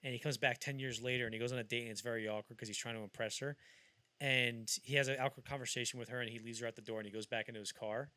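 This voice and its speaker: A man co-hosting a casual film podcast, rambling through anecdotes and acting out scenes in loud, high voices. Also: steady tone, racing, no echo. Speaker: podcast co-host.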